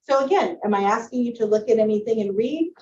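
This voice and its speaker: A woman's voice: a little high, expressive, fast talker, darkish tone, lo-fi sound. A woman teacher giving a presentation to parents on early reading, explaining with friendly spoken examples.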